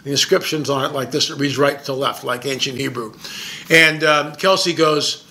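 Man, filmmaker, casual storytelling, excited, emphatic, bright tone. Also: medium pitch, moderate pace. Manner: excited, emphatic, repeats words. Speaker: documentary filmmaker.

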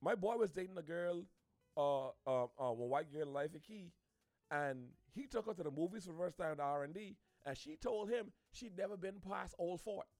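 A man from the Bahamas with a Bahamian accent, ranting to camera in an animated, preachy way, repeating his points. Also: high-pitched, moderate pace, dry recording, faint music behind. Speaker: social media commentator. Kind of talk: opinionated rant to camera.

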